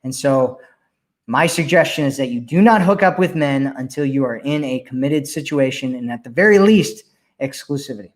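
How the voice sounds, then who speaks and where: A man's voice: mid-range voice, lively intonation, moderate pace. A man hosting a live question-and-answer stream as a dating coach, reading viewer comments aloud and answering them emphatically, repeating his key points.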